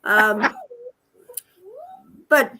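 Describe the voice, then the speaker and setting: A woman's voice: very slow, sharp tone, low-quality recording. A woman guest on an interview, a hospice nurse and animal rescuer, telling chatty stories with frequent chuckles and asides to her pet parrot. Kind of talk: casual storytelling interview.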